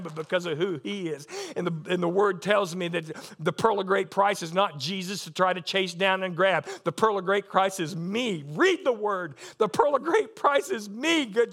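A middle-aged male preacher delivers a passionate, emotional sermon, often tearful and laughing between lines. His voice sits high and sounds a bit bright.

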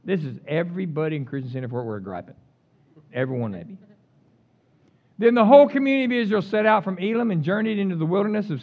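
Animated high-voiced male preacher. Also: highs cut off. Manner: animated, jokey, reads scripture aloud acting out the complainers. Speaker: pastor. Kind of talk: sermon.

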